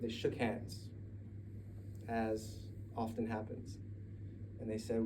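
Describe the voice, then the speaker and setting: A man's voice: lowish voice, monotone, slow pace, far from the mic, noisy background. A Mexican American man telling a story at a live story night in a conversational, digressive way, with laughing asides. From United States.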